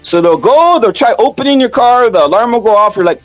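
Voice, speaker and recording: A man's voice: high voice, fast, few pauses, dry recording, soft background music. A man hosting a casual boxing rant, profane, repetitive and heated. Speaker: boxing commentary channel host.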